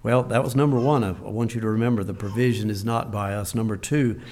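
A man's voice: on the low side, steady tone, quick pace, slight background noise. Older man preaching a folksy sermon. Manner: folksy, repeats phrases, swings between soft and loud.

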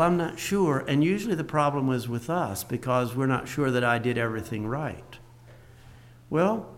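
Older guy preaching, folksy, kinda high voice, gets soft then loud. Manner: folksy, repeats phrases, swings between soft and loud. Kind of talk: sermon.

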